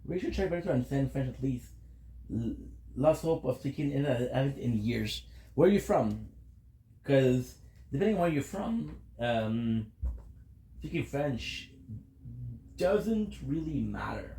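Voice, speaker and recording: A man's voice: medium pitch, animated, measured pace, long pauses, dark tone, echoey room, slight background noise. Tired, rambling man streaming a game. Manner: rambling, chatty, reads out and answers chat. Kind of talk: casual live-stream chat with viewers.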